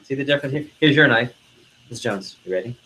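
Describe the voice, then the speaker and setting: A male sales trainer working a room, hammering home key words and drilling the class in call-and-response. His voice sits at an ordinary pitch, with a faint hiss under it. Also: fast, sharp tone, rough recording.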